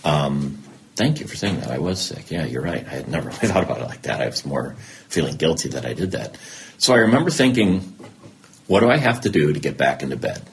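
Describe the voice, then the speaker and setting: A man's voice: rumbling low, fairly quick, creaky, slight background noise. A middle-aged man, a podcast guest, talking candidly about his life and acting out remembered conversations. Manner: animated storyteller who acts out remembered dialogue. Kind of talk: candid personal interview.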